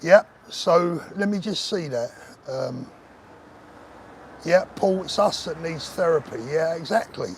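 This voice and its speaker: An older Englishman hosts a live stream outdoors on a town street, reading viewer comments and chatting with them earnestly and emotionally, calling them mate. His voice is on the high side and gravelly, and he takes it slowly. There's a little hiss or hum in the audio.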